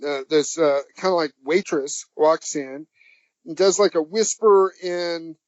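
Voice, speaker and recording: Man, podcast guest, rambling halting storyteller, chuckles, somewhat high voice, dry muffled lo-fi audio. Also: steady tone, no room sound. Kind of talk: anecdotal storytelling.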